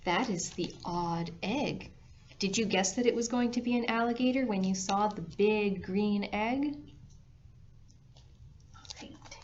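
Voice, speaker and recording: Slow, gentle storytime librarian woman. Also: mid-range voice. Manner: gentle, animated reading with gasps and sound effects for children. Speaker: children's librarian. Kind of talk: storytime picture-book reading. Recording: slightly dull lo-fi sound with faint noise.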